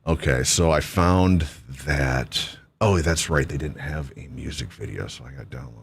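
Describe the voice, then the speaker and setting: A man's voice: very deep voice, moderate pace, a little hiss or hum. A man hosting a talk radio show, chatting loosely, cursing and joking at his own expense. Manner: loose, cursing, self-mocking banter. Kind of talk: casual talk radio chat.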